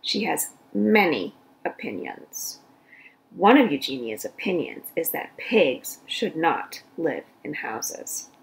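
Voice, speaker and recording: A woman reading a children's story aloud in an expressive storytelling voice. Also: low voice, slow pace, gravelly, poor audio. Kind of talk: read-aloud storytelling for kids.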